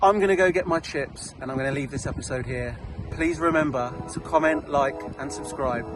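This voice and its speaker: A man's voice: fairly high pitch, brisk, noisy background. A man with a southern English accent chatting casually to camera while out cycling, upbeat with puffing breaths. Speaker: cycling vlogger. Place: outdoors, riding trails and roads.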